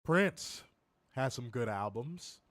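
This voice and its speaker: A man co-hosting a wrestling review, his voice worn and hoarse, ribbing his co-host with profane mock threats. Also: mid-range voice, lively intonation, slow pace, a bit bright, no echo, clean studio sound. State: losing his voice. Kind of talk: casual podcast banter.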